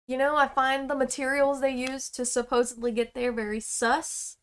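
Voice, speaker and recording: A woman's voice: high-pitched, little pitch movement, moderate pace. A young woman co-hosting a casual podcast, talking hesitantly with slang and fillers. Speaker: podcast co-host.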